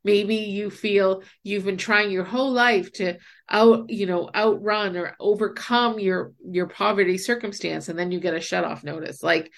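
A woman's voice: medium pitch, steady tone, moderate pace, vocal fry, few pauses. A woman in casual conversation, explaining ideas and acting out inner voices through examples.

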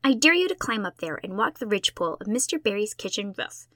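A woman voicing a boastful, defiant schoolgirl who speaks in a flat, challenging tone. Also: mid-range voice, quick pace, dry recording, clean studio sound.

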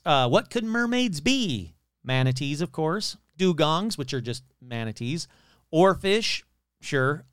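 Male podcast host, loose and skeptical, with a smooth, clear voice recorded dry and close. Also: on the high side, fairly bright tone, no room sound. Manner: casual, swears, sarcastic skeptical asides. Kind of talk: casual storytelling podcast.

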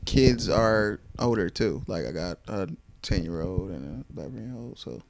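A man's voice: fairly low pitch, lively intonation, normal speed, vocal fry, no room sound. A man co-hosting a casual podcast chat, laid-back and profane, laughing often. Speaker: podcast co-host.

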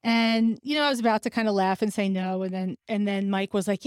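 A woman's voice: medium pitch, brisk, few pauses, clear, resonant tone, no echo. Woman telling a personal story, dry sound. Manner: animated, acts out quoted dialogue. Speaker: podcast host.

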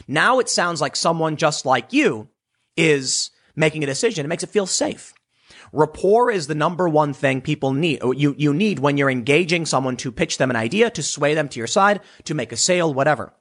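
Husky, animated male political commentator. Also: on the high side, a little fast. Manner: animated, mocks others with put-on voices.

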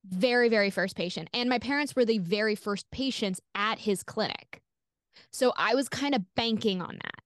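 A woman's voice: fairly high pitch, normal speed, no room sound, studio quality. A woman guest on an interview podcast, telling a personal story candidly, swearing freely and filling her talk with "like". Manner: animated, acts out quoted voices.

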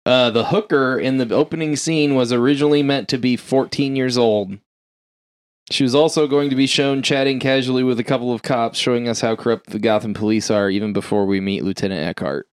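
A man's voice: mid-range voice, fairly even intonation, a little fast, clear, resonant tone, no room sound. Podcast co-host, male, casual trivia reader, salty language, dry sound. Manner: reads trivia aloud, swears and laughs often. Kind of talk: casual chat.

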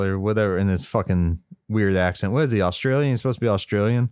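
A man co-hosting a casual talk about a movie, relaxed and swearing often. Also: lowish voice, brisk, few pauses, smooth, dry recording, clean studio sound. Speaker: podcast co-host.

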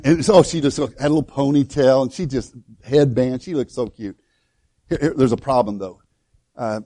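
A male pastor preaching a sermon in a folksy, storytelling way, with many halting restarts. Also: mid-range voice, warm tone. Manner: storytelling, folksy and self-deprecating.

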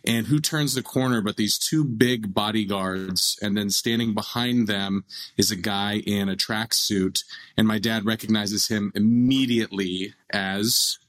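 La guy in his 30s, kinda low voice, rambly animated storyteller on a podcast. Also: a little slow, low-quality recording. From Los Angeles. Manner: animated, laughing storyteller with many restarts. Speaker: actor guest. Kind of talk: casual interview storytelling.

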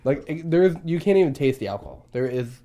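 Young male podcast host, rowdy and crude, soft dark timbre. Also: a little high, quick pace. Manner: loud, excitable, laughs often, swears. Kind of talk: casual crude banter.

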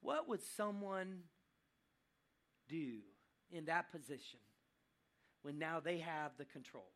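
A man preaching a sermon, telling a story dramatically and swinging between loud and hushed passages. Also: a little high, lively intonation, slow pace.

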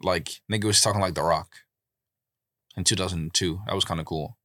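A man's voice: low-pitched, steady tone, a little fast, pushed and bright, no room sound, clean studio sound. A man co-hosting a podcast, blunt and exasperated with his friends. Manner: blunt, exasperated put-downs. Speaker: podcast co-host. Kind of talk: casual chat.

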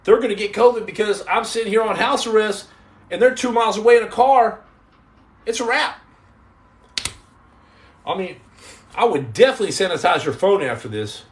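A man's voice: sits high, expressive, normal speed, pauses often. A man hosting a podcast live stream, casually chatting and joking sarcastically with viewers in the comments. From United States. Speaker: podcast host.

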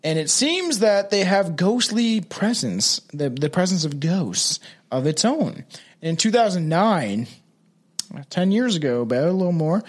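A man's voice: high-pitched, big pitch swings, unhurried. Rambling man reading a ghost story. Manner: rambling, swearing, laughing often. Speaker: podcast co-host.

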